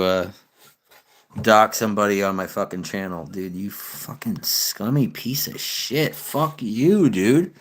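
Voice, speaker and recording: Young streamer, low-pitched, blunt and profane, loose conversational rambling. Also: male voice. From United States. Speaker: live streamer. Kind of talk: casual livestream chat reading comments.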